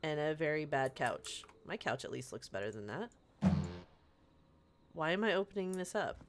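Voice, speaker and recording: A young woman rambles through a live game stream, her voice bouncing around with lively swings in pitch. She chats casually and playfully, tossing out asides as she goes. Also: moderate pace, heavy background noise. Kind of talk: casual chat while playing a game on stream.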